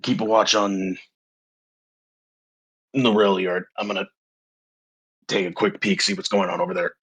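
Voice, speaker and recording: Whispered role-play: a man playing a Russian-accented man, urgent and halting, husky and bright. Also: deep voice, flat delivery, heavily acted, low-quality recording. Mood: hushed. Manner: hushed, halting, repeats himself.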